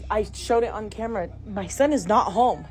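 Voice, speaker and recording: A middle-aged mother filming inside her house, talking to viewers, swinging between hushed whispers and panicked exclamations. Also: mid-range voice, moderate pace. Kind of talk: frightened handheld home video narration. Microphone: handheld phone camera. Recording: noisy phone recording.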